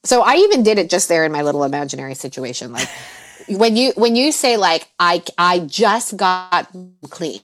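A woman, a mindset coach, talking casually on a podcast, laughing often and jumping into high exaggerated voices when she quotes herself, then going soft and low when she talks about calming down. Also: a little fast, faint music behind. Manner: laughs often mid-sentence. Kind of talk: conversational podcast advice.

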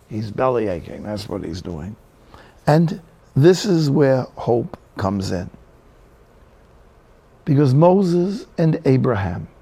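Gravelly-voiced male preacher telling stories. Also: medium pitch, dark tone. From New Jersey, USA. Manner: storytelling with humorous asides. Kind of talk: sermon.

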